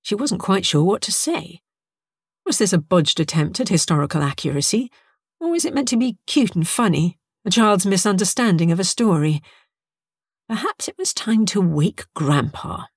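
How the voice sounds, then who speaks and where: Wry female storyteller, lowish voice. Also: lively intonation, normal speed, slightly rough, no room sound, clean studio sound. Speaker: narrator. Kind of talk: scripted narration of a story.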